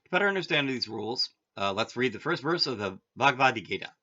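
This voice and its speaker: A man's voice: mid-range voice, animated, fast, pushed and bright. A man teaching a language lesson, reading the text aloud and breaking off for offhand asides. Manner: reads text then adds offhand asides. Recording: dull lo-fi audio.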